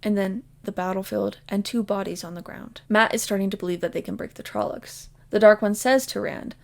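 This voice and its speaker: A woman casually summarizing a book's plot in a chatty way, deeply invested in the story. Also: steady tone, a little fast, gravelly, few pauses, darkish tone. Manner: chatty, retells the plot with "like" and "basically". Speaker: book vlogger. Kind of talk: casual spoken book summary.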